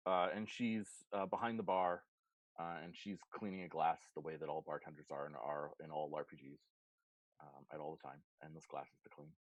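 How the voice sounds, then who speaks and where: A man's voice: rumbling low, fairly even intonation, brisk, no room sound, lo-fi sound. A man narrating as game master of a tabletop game, loose and rambling, with many ums and restarts.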